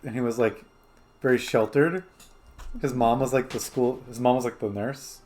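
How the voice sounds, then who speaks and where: A man's voice: medium pitch, fairly even intonation, moderate pace, darkish tone. A man hosting a gaming stream, chatting casually and rambling through stories with lots of 'like' fillers. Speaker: streamer host. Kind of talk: casual chat while gaming.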